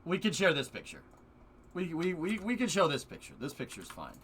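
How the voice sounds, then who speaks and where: Joking male streamer, bright and a bit high, casual live chat. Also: wildly swooping pitch, brisk, a little hiss or hum. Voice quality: joking, puts on silly voices in bursts.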